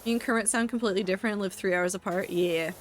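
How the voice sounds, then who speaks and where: A woman streaming a game talks very fast in a mid-range voice, chatting casually and wryly with her chat and cursing now and then. She reacts to messages with asides and profanity; the low-quality recording has slight background noise.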